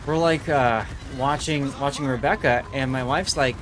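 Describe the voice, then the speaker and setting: A man's voice: medium pitch, normal speed, noisy background. A man streaming a naval battle game, chatting casually with viewers, laughing often and repeating his words.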